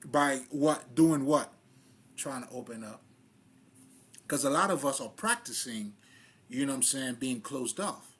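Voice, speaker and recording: A man's voice: medium pitch, a little slow, long pauses, husky. A man giving a loose, casual spiritual monologue in street slang, swearing freely and often laughing at himself. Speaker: spiritual vlogger.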